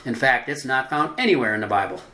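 A man giving scripted religious narration, deliberate, drawing out the words he stresses. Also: mid-range voice, expressive, bright, forceful tone. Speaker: religious teacher. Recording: roomy echo.

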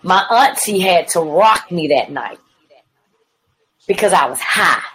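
Husky-voiced woman telling her testimony. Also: fairly low pitch, lively intonation, slow, fairly bright tone, rough recording. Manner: vivid storytelling, acting out quoted dialogue; addresses the host as "woman of God". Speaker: evangelist guest. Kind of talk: personal testimony on a podcast.

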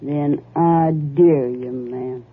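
Scheming coarse wife. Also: female voice, low voice, steady tone, very slow, breathy edge, heavily acted. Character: scheming coarse young wife, bold and greedy. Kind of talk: 1940s radio acting. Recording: tinny old radio broadcast.

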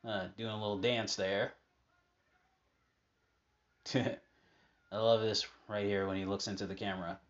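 A man's voice: fairly low pitch, little pitch movement, unhurried, pauses often, lo-fi sound. A man casually chatting over old match footage, rambling with many fillers and asides. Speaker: fan commentating on old matches.

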